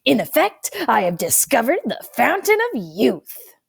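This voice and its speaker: A woman's voice: mid-range voice, big pitch swings, normal speed, gravelly, husky, pitched above the performer's own voice, full character voice. A woman voicing a cranky old scientist grandfather now in a thirteen-year-old boy's body, snarky and boastful. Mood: lecturing.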